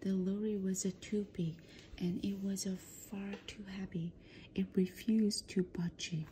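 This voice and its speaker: Woman, storybook read-aloud practice, soft often whispered, very mellow dark tone, slow, faint hiss. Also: mid-range voice, steady tone. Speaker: reader.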